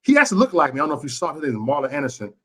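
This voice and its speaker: A man's voice: a little high, very animated, very fast, breathy edge. A man from Chicago hosting a live talk show, passionate and cursing, stumbling over repeated words when he gets worked up. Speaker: livestream show host. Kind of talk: casual heated call-in talk.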